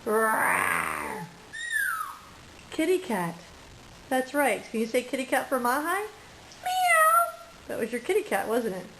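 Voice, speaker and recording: A woman's voice: fairly high pitch, sing-song, brisk, noisy background. A woman talking playful, coaxing baby talk to a toddler at mealtime in a home video. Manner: sing-song, coaxing, playful. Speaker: parent filming toddler.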